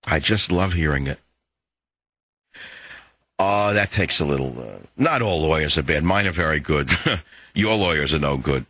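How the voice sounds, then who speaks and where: A man's voice: extremely low pitch, animated, moderate pace, fairly bright tone, no room sound, highs cut off. An older man hosting a political talk radio show, lecturing listeners in a combative monologue and telling jokes.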